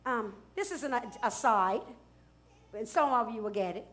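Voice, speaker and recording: A middle-aged woman pastor preaching a sermon in church, building to shouts and drawing call-and-response from the congregation. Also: fairly high pitch, lively intonation, normal speed.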